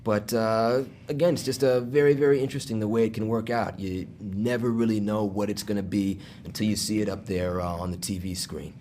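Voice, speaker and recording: A man's voice: fairly low pitch, fairly even intonation, fairly quick, few pauses, darkish tone, slight background noise. A man who works as a voice actor, giving long, considered answers in a casual interview. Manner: thoughtful, explains at length in full sentences. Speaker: voice actor guest.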